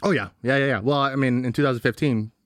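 A young man co-hosting a podcast, telling stories quickly and acting out what people said. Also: mid-range voice, no room sound, studio quality. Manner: fast, animated storytelling with quoted voices. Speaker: podcast co-host. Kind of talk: casual podcast chat.

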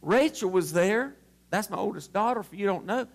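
A male pastor preaching a sermon to his congregation at a church service, impassioned and swelling to shouts. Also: high voice, expressive, moderate pace, gravelly.

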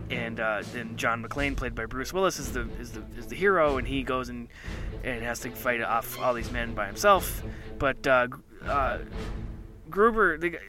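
A man's voice: medium pitch, sharp tone. A man co-hosting a casual chat show, talking enthusiastically and rambling with many fillers. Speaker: podcast co-host.

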